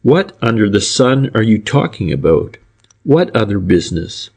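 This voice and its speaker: An impatient gentleman whose temper wears thin and whose words come out curt and sharp, as a male audiobook narrator reads him. His voice sits fairly low. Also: big pitch swings, normal speed, gravelly, heavily acted. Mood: angry. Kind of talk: audiobook character reading.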